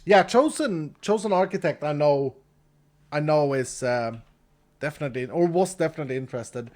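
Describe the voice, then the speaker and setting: A man's voice: fairly high pitch, expressive, normal speed, a little mellow. A man streaming a game live, chatting casually with his viewers, reading chat, thanking donors and laughing easily.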